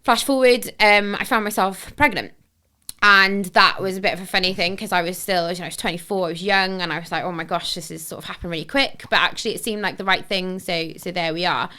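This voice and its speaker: Bright-voiced woman telling her story. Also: medium pitch, steady tone, fairly quick, clear, resonant tone. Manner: candid and reflective, with frequent fillers like "sort of" and "you know". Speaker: podcast guest, charity founder. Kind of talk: personal storytelling in a conversation.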